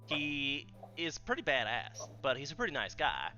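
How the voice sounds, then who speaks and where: A man's voice: mid-range voice, huge pitch swings, normal speed, bright, forceful tone, muffled recording. A man narrating as game master of a tabletop game, chatty and apologetic, using lots of fillers. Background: background music.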